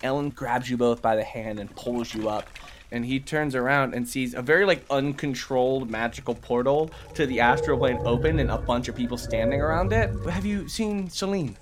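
A man's voice: mid-range voice, fairly quick. A man narrating a tabletop role-playing game as game master, in a loose, casual way. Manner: loose, casual narration with put-on character lines.

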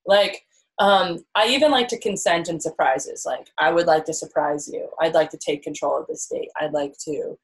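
A woman with a low voice chats casually at a moderate pace as a podcast co-host answering questions, playful and teasing. She rambles with plenty of fillers, and the recording is rough.

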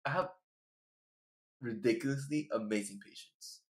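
A man's voice: mid-range voice, moderate pace. A young man guesting on a podcast, chatting casually, teasing and laughing often. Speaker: guest, roommate. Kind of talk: casual chat.

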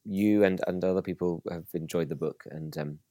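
Low-voiced British comedian, thoughtful and hesitant. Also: male voice, normal speed, heavy background noise. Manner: thoughtful, self-deprecating, hesitant. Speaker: guest, author and comedian.

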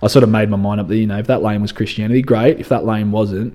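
Young aussie bloke, lowish mellow voice, chatty and laid back, lots of "you know"s while he tells his story in an interview. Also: fast talker. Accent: Australian. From Australia. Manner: relaxed and conversational, often says "you know" and restarts phrases. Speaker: interview guest. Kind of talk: reflective personal storytelling.

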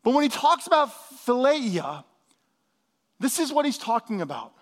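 A man's voice: extremely high pitch, moderate pace. Fervent preacher man in his fifties. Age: 50s. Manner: animated preaching, drops to soft hushed tones for emphasis; calls out to the congregation for responses. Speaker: pastor. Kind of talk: sermon.

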